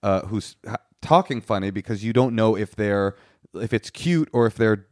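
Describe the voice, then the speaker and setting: A man's voice: on the low side, expressive, normal speed, darkish tone, no echo, clean studio sound. Playful man co-hosting a comedy podcast. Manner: playful, storytelling, teasing. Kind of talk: casual podcast chat.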